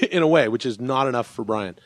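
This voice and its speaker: A man's voice: mid-range voice, animated, normal speed, no echo. A man guesting on a comedy podcast, rambling and restarting his sentences, often chuckling. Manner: rambling, self-interrupting, chuckling. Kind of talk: casual comedy chat.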